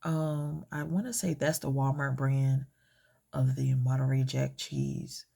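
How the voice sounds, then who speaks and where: A woman's voice: extremely low pitch, level tone, a little slow, creaky, mellow, slightly rough. A woman giving a casual cooking tutorial in her home kitchen, talking hesitantly with many fillers and correcting herself as she goes. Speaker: home cook.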